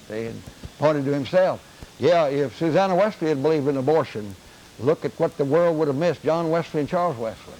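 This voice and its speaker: A man's voice: fairly high pitch, lively intonation, a little fast, a little mellow, a little hiss or hum, low-quality recording. An older man teaching a Bible class in an earnest lecture, often repeating key phrases for emphasis.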